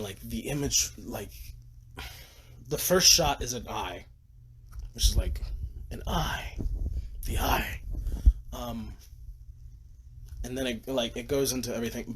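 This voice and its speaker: A tired man rambling excitedly about his movie collection on a casual livestream, gushing and swearing, sometimes dropping to a whisper. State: tired from little sleep. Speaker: vlogger. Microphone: phone camera. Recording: faint background noise, low-quality phone livestream.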